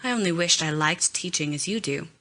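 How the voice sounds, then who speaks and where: Shy sincere young governess girl, read by a woman, bright voice. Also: lowish voice, a little fast.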